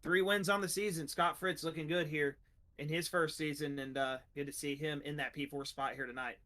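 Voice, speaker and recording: A young man hosting sim racing commentary, energetic and rambling with fillers as he runs down the finishing order. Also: a little high, brisk. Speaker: broadcast booth host.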